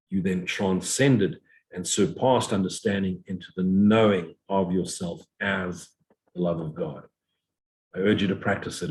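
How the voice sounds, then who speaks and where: A middle-aged man giving a reflective spiritual talk as a teacher, slowly repeating affirmations in a meditative way. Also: low-pitched, darkish tone, poor audio. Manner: slow, meditative repetition of affirmations.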